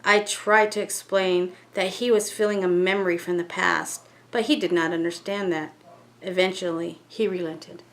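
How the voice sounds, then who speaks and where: A woman vlogger reading a ghost story aloud in an unhurried, measured way. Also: fairly low pitch, fairly even intonation, a bit bright.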